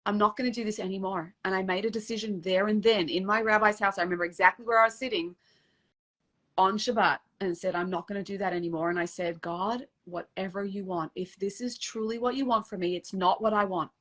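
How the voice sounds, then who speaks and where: Middle-aged woman, dating coach guest; bright, forward voice; animated, emotional storytelling. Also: medium pitch, fairly quick. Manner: emotional, animated retelling with acted-out quotes. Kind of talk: casual interview storytelling.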